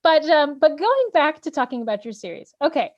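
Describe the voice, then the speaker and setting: A woman hosting an interview, a former language teacher, talking in a rambling way with halting restarts. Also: high voice, sing-song, muffled recording. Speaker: host, former Spanish teacher. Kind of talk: casual interview chat.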